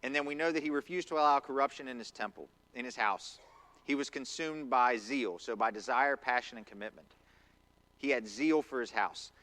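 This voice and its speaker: A man's voice: medium pitch, moderate pace, bright, forceful tone. A man preaching a conversational sermon in a church, acting out quotes as he goes. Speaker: pastor. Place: church sanctuary.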